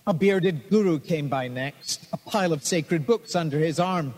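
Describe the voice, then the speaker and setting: A man's voice: a little high, moderate pace, few pauses. Man narrating a story, long reverb. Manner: steady, expressive reading.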